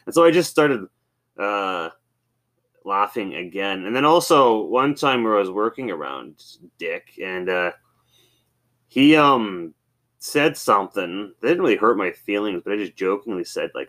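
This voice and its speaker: A man's voice: fairly low pitch, lively intonation, unhurried, a bit bright. A man hosting a podcast, telling loose, rambling stories with swearing and many fillers. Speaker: podcast host. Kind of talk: casual storytelling monologue.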